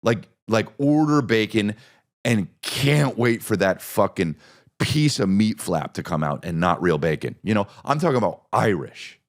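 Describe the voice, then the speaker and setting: A low-pitched man with a gravelly edge hosts a podcast in a loose comedic monologue. He swears freely and rambles, leaning on repeated bits. His pitch swings widely from line to line. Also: animated, a little slow. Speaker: podcast host.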